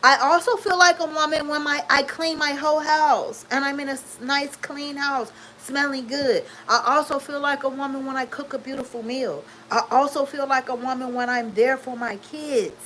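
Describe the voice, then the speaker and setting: A woman's voice: high-pitched, steady tone, normal speed, hardly any pauses, sharp tone, a little hiss or hum, rough recording. A woman in her fifties talking candidly to her viewers, emphatic and preachy, repeating her points for emphasis. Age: 50s. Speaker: vlogger. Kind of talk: candid talk to camera.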